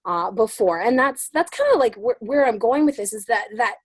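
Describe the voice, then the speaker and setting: A woman's voice: a little high, animated, normal speed, husky, no echo. A woman leading a group discussion, speaking earnestly and searching for her words as she reflects.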